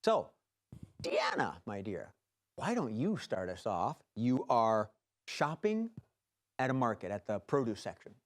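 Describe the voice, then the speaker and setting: A man's voice: medium pitch, huge pitch swings, measured pace. A man hosting a live improv comedy show, calling for audience suggestions in a playful, jokey way. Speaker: improv game host.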